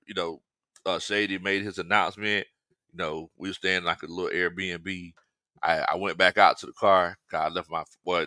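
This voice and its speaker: A man's voice: low voice, bright, forceful tone, no room sound, clean studio sound. A man hosting a casual sports talk stream, joking, laughing often and reading fan comments. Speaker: sports talk show host.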